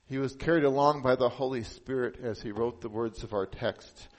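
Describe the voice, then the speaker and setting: A man preaching a sermon as pastor. He speaks earnestly and drops to a hushed, solemn tone for emphasis. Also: medium pitch, normal speed, low-quality recording.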